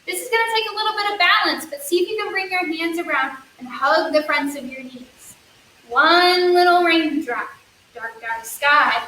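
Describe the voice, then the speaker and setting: In an echoey room with a faint hiss and the mic set far off, a woman reads a counting story to a children's yoga class, sing-song and encouraging, adding playful sound effects. She speaks very high and sharp, in a steady tone, fairly quickly and with hardly any pauses.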